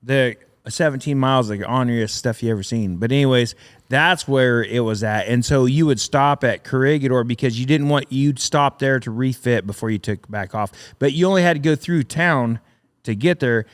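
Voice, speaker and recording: A man's voice: medium pitch, moderate pace. A middle-aged man, a welder and military veteran, telling rambling, profane war stories with frequent laughs as a podcast guest. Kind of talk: casual storytelling.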